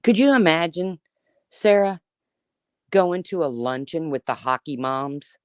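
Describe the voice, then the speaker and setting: A woman's voice: sits low, lively intonation, unhurried, clear, resonant tone, dry recording, clean studio sound. A woman in her fifties giving an angry, profane, sarcastic rant on a live stream. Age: 50s. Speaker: YouTuber.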